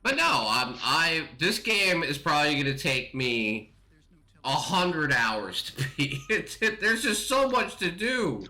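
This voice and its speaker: A man's voice: fairly high pitch, sing-song, measured pace, sharp tone. A man co-hosting a casual gaming podcast, joking and laughing, stammering as he talks. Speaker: podcast co-host.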